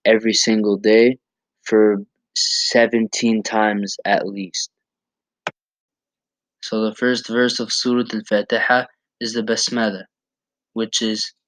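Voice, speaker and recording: A man teaching how to pronounce a recitation step by step, patiently repeating words slowly to demonstrate each sound. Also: on the low side, fairly bright tone, no echo, low-quality recording. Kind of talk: step-by-step pronunciation lesson.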